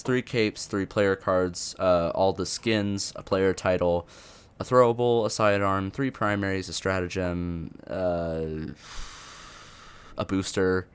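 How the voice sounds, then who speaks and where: A young man with a low, deep voice talks through his thoughts on a game update without a script. He rambles, stopping and restarting sentences and leaning on fillers as he goes. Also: clean tone. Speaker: gaming youtuber. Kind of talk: unscripted commentary.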